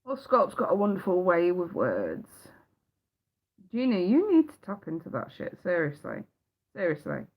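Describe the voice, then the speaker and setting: A woman's voice: on the low side, wildly swooping pitch, normal speed. A woman giving a live tarot reading, blunt and emphatic, swearing freely and repeating her points. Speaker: tarot reader. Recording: dull lo-fi sound.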